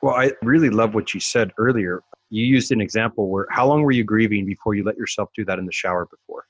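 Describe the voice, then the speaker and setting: Man, husky voice, dry close sound, earnest, reflective, coach in podcast chat. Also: on the low side, quick pace, dry recording, dull audio. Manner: earnest, reflective, circles back on phrases. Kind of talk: podcast conversation.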